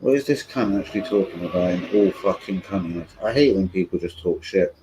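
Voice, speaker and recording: A man's voice: low-pitched, a little fast, noisy background. A young man ranting in a rambling, sweary livestream chat about football. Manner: rambling, sweary, loses his thread. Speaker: football fan streamer.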